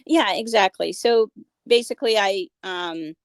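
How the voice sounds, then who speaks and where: Earnest woman with a gravelly edge. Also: mid-range voice, measured pace, dry recording. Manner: earnest, many fillers and restarts. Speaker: guest, animal advocate. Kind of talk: casual interview conversation.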